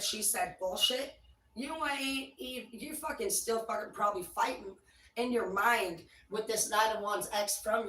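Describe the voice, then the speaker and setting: A woman's voice: medium pitch, a bit bright, far from the mic, a little hiss or hum. A woman giving a casual tarot reading, blunt and rambling, swearing freely. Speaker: tarot reader. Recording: echoey room, voice away from mic.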